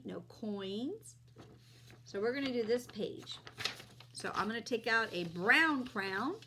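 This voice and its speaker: A woman teaching young children phonics, slowly sounding out letters and vowel sounds with patient encouragement. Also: mid-range voice, fairly bright tone.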